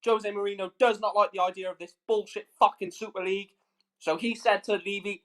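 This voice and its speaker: A man's voice: high-pitched, steady tone, brisk, fairly bright tone. Furious swearing man ranting. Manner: furious, swearing, emphatic repetitions. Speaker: YouTube streamer. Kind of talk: angry livestream rant.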